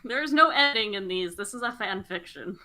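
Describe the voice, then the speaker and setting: A woman's voice: medium pitch, expressive, fairly quick, bright, forceful tone, poor audio. A woman guest on a casual stream, making playful, offhand quips. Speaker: guest co-reader. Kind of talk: casual chat.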